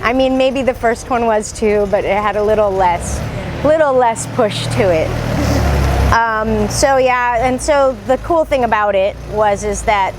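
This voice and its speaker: A woman's voice: on the high side, a little slow, background noise. A woman casually sharing memories of her teacher, chatty and laughing often with lots of fillers. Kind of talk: casual personal reminiscence.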